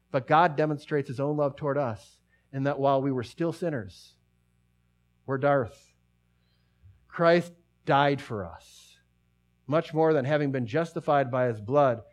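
Middle-aged male pastor, mid-pitched, chatty sermon delivery that wanders and falls quiet to stress a point. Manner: conversational, rambling with many restarts, drops to a hush for emphasis.

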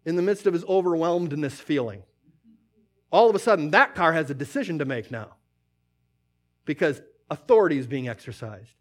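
A man preaching a sermon, quoting scripture and acting out little scenes as he goes. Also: fairly high pitch. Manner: animated storytelling, acts out scenes, quotes scripture.

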